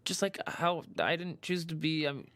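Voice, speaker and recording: A man's voice: on the high side, normal speed, a bit bright, no room sound, natural voice. An actor playing an earnest, anxious bullied orphan boy who stammers when upset. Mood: tender.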